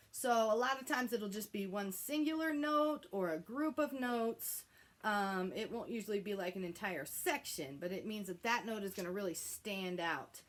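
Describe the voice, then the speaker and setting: A woman's voice: mid-range voice, bright, forceful tone. A young woman teaching a remote music lesson to children, chatty and playful, coaxing the class to repeat words along with her.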